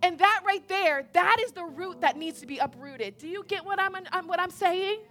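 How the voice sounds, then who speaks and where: Young woman preacher, high bright voice, chatty and animated, keeps asking the crowd questions. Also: normal speed, few pauses, soft background music. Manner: animated, conversational, repeats points, asks audience questions. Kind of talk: sermon.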